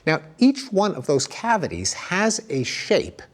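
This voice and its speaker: A man's voice: high voice, wildly swooping pitch, measured pace. A middle-aged man giving a recorded academic lecture, explaining ideas and demonstrating sounds aloud with emphatic intonation.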